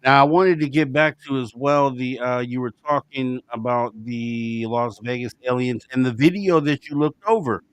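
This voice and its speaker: A man's voice: medium pitch, moderate pace, hardly any pauses, clear, resonant tone, dry recording, poor audio. A man hosting a call-in talk show, giving short affirming replies to a caller and moving the conversation along.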